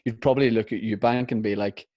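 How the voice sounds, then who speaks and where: A man co-hosting a comedy podcast, teasing his friend and acting out scenes with loud put-on voices. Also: lowish voice, steady tone, fast, dry recording, dull audio. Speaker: podcast co-host. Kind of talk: casual comedic chat.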